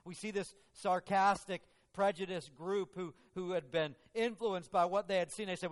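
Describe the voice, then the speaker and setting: A male preacher tells his sermon with dramatic, emphatic delivery. His voice sits a little high and he often restarts phrases. Long reverb from a large hall or church rings around him. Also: steady tone, moderate pace, few pauses.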